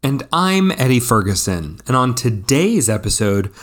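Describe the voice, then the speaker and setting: A man's voice: mid-range voice, sing-song, a little slow, fairly bright tone. Rambling man telling stories on a podcast. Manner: rambling storyteller, many fillers and restarts. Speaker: podcast co-host. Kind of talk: casual chat.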